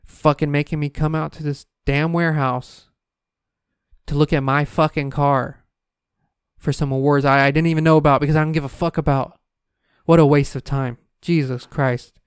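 A man's voice: on the high side, creaky, clear, resonant tone, no room sound, studio quality. A man delivering a profane, exasperated comedic rant, exaggerating wildly. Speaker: comedic ranter.

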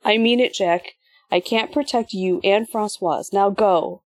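A woman's voice: medium pitch, unhurried, dry recording, natural voice. A woman voicing a determined female lead agent who gives firm, stern orders in an audiobook. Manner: stern, commanding.

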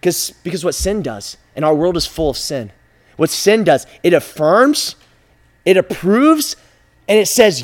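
Male preacher, high-pitched voice, impassioned sermon delivery, drops to a hush then builds loud. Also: big pitch swings, unhurried. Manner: impassioned, repetitive, swings from hushed to loud.

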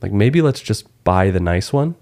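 Deep-voiced young man joking crudely. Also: moderate pace. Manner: joking, crude, animated storyteller. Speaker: podcast host. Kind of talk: casual chat.

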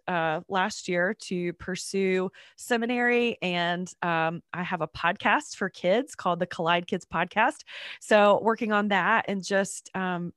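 A congested woman in her thirties from North Carolina talks about her life as a podcast guest. Her stuffy voice sits lower than her usual, and she speaks in a chatty way. The sound is close and dry, with no room echo. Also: a bit bright. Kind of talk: interview answers.

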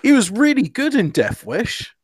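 A man's voice: very high voice, wildly swooping pitch, normal speed, a little hiss or hum. A man in crude, casual podcast banter, joking and stumbling over words.

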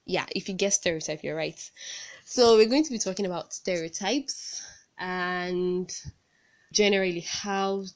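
A woman's voice: on the low side, a little slow. A Nigerian woman hosting a podcast, who talks casually and earnestly and reads one of her own stories aloud. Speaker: podcast host. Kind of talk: casual podcast talk and storytelling.

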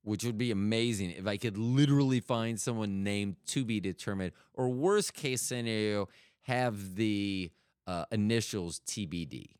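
A man's voice: on the low side, unhurried, darkish tone, clear, resonant tone, dry recording, studio quality. A middle-aged man hosting a solo podcast, rambling and joking as he keeps cutting himself off. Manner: rambling, self-interrupting, jokey. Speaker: podcast host.

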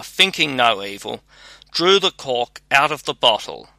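Slow, bright-voiced male storyteller. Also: mid-range voice, dry recording. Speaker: narrator. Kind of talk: scripted storybook narration.

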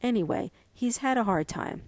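A woman voicing an excitable, scheming little girl who talks eagerly and a bit whiny in a storybook reading. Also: on the high side, normal speed, dry recording, pitched above the performer's own voice, lightly acted. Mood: excited.

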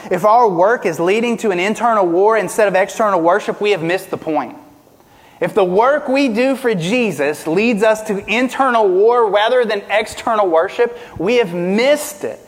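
A man preaching a sermon as pastor, asking the congregation rhetorical questions, rising and dropping from loud to quiet. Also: long reverb tail. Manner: preaching with rhetorical questions, pitch and volume swinging widely.

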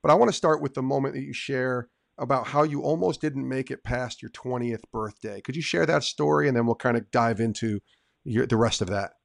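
Gravelly-voiced enthusiastic podcast host. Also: male voice, mid-range voice, fairly quick, no room sound, clean studio sound. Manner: eager, enthusiastic interviewer. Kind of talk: casual interview.

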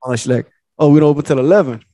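A man's voice: on the high side, rapid-fire, dark tone, dry recording, clean studio sound. A young man co-hosting a podcast, telling a profane story and acting out both sides of it. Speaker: podcast co-host. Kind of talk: casual storytelling.

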